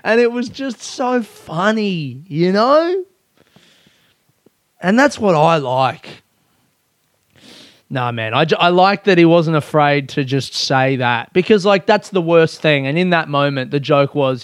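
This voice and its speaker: A man chats on his own podcast in a slightly high voice. He rambles and mocks himself, swearing freely. The recording is dry and close to the mic. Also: expressive, slow, dry recording. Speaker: podcast host. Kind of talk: casual solo podcast chat.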